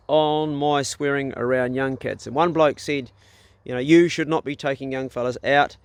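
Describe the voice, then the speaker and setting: A man's voice: fairly high pitch, clear, resonant tone, dry recording. A middle-aged man with a New Zealand accent talks bluntly to camera in a casual vlog, swearing freely. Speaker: vlogger.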